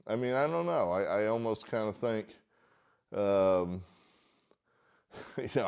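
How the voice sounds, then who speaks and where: Rambling low-voiced man talking politics. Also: darkish tone. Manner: rambling, hesitant, many fillers, mocking outbursts. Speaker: political commentary host. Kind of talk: casual solo commentary. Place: barn.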